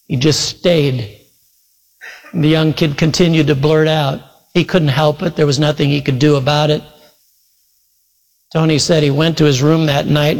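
A male preacher earnestly retelling a story in a sermon, quoting voices as he goes. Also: a little high. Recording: long reverb from a large hall.

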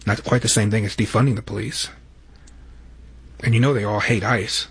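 A man's voice: fairly low pitch, steady tone, moderate pace, long pauses, a bit bright, breathy edge. A man giving opinion commentary on politics, sardonic and full of rhetorical questions.

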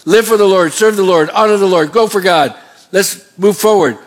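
Preaching man with a higher voice. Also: normal speed. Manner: preaching with call-and-response questions to the congregation. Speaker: pastor. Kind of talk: sermon.

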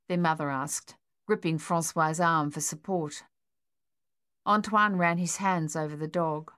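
A woman narrating an audiobook with steady, even storytelling. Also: fairly low pitch, unhurried, clear, resonant tone.

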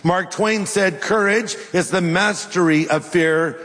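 A man's voice: sits high, slow pace, a bit bright. A middle-aged male pastor preaching a sermon, animatedly acting out biblical dialogue in voices. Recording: long reverb of a large hall.

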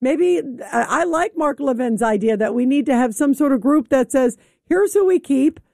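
An opinionated woman hosting a political call-in show, her voice pitched high. She speaks over callers with firm conviction, and the studio sound is dry and close. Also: normal speed, mellow, no echo. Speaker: radio talk show host. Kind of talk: political call-in radio talk.

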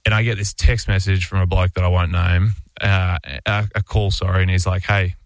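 A man's voice: deep voice, level tone, moderate pace, dry recording. An Australian man, a basketball player guesting on a radio show, telling a story in a loose, rambling way full of fillers and restarts. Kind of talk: casual storytelling anecdote.

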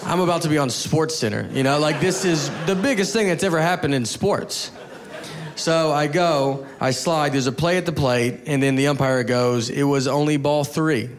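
A man's voice: a little high, moderate pace. A man performing a stand-up comedy set, telling self-mocking stories in a laid-back way. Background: audience laughter.

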